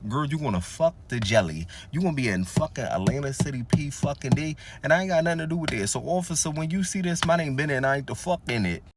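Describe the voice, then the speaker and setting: Guy cursing up a storm, talks quick, noisy recording. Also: a little high, lively intonation. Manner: loud, cursing, mocking. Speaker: storyteller. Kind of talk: profane rant.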